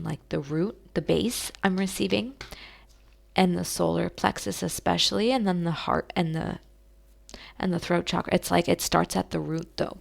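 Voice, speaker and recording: A woman giving a channeled tarot reading in a soft, emotional way, often stopping and restarting as she talks to her listeners. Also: on the low side, vocal fry. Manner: soft, emotional, addresses listeners as beautiful souls; halting, many fillers and restarts. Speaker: psychic reader.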